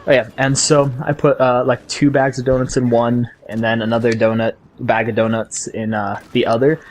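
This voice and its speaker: A man's voice: medium pitch, flat delivery, moderate pace, a little hiss or hum. Rambling young man chatting over gameplay. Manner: rambling, chatty storytelling between game reactions. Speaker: gaming channel host. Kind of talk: casual gameplay commentary.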